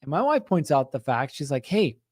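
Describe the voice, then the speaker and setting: A man's voice: on the high side, a little fast, breathy edge, dry recording, clean studio sound. A man hosting a show for contractors, casually telling a story to his audience and acting out the quotes, often checking in with "right?". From Utah. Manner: animated, acts out quotes, frequent "right?" asides. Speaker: host of a contractor business show.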